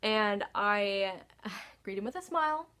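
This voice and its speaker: A woman's voice: mid-range voice, animated, slow, bright, forceful tone, clear, resonant tone. A woman vlogger telling a story in a casual, exasperated way, sighing often and swearing freely.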